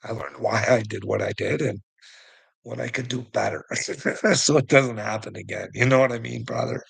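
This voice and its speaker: Casting note: husky, gravelly-voiced man, casual rambling commentator, laughs through his lines, salty language. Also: mid-range voice, normal speed, poor audio. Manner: chuckles often, swears, rambling. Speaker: online commentator.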